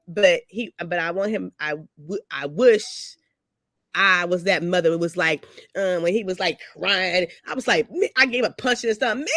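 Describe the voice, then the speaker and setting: A woman on a discussion panel, telling a story about her son in a casual, lively way. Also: on the low side, normal speed, no room sound. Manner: storytelling, animated when quoting herself. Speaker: panel guest, mother.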